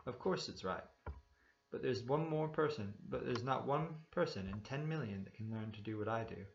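A male reader gives voice to a small, cocky pickpocket with a gravelly edge, bragging in swaggering street slang. The recording is dull and lo-fi, like an old audiobook. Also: mid-range voice, animated, normal speed, echoey room, slight background noise. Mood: boastful. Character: cocky, boastful small man, a quick-fingered pickpocket.

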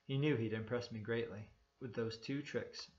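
A man reading a story aloud in steady, measured first-person narration. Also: medium pitch. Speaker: audiobook reader. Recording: dull lo-fi recording.

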